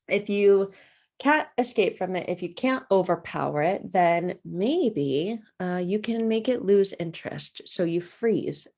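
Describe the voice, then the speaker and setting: A woman teaching about trauma responses to camera in a conversational way, acting out inner reactions with quick changes of voice. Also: on the low side, darkish tone. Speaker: trauma educator. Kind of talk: explanatory video lesson.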